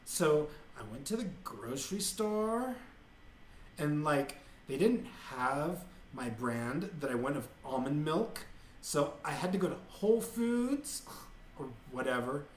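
A man's voice: fairly high pitch, lively intonation, reverberant, a little hiss or hum. A man mocking a drawling ditzy young woman. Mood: whiny, drawling. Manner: drawn-out words with rising endings.

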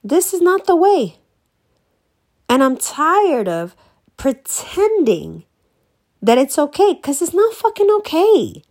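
A woman ranting bluntly in a casual monologue, profane and emphatic, swinging between slow stressed words and fast bursts. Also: very high voice, sing-song, darkish tone. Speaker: vlogger.

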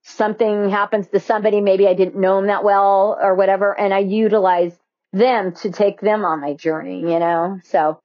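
A woman's voice: mid-range voice, steady tone, moderate pace, no echo. A woman guest on a podcast, talking earnestly in a casual interview and acting out the voices in her head. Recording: dull, slightly lo-fi dry sound.

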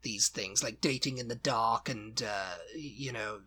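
A man's voice: mid-range voice, measured pace, crowd noise. A man from England co-hosting a podcast in casual chat, explaining slang and dropping into playful voices. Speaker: podcast co-host.

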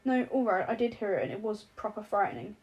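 A woman voicing a drowsy, dry-witted young man, teasing in a deadpan, mock-solemn way. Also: medium pitch, fast, muffled recording, natural voice.

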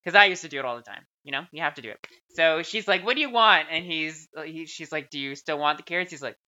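A woman's voice: low voice, fast, pushed and bright. A young woman co-hosting a podcast in casual chat, cracking crude jokes and acting out what people said. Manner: crude, joking, acts out quotes. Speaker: podcast co-host. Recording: slightly muffled lo-fi recording.

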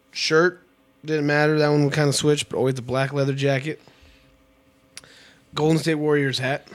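A young man in his twenties on a podcast, relaxed and chatty, swearing and laughing easily. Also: a little high, a little slow, long pauses. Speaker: podcast co-host. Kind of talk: casual chat.

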